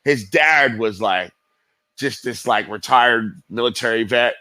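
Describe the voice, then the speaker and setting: A middle-aged man with a bright, forceful voice, spinning loose stories as an interview guest. He rambles, swears freely and leans on fillers, in a dry, close recording. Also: mid-range voice, a little slow, dry recording. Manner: rambling, profane, heavy with fillers. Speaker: guest skateboarder. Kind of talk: casual storytelling interview.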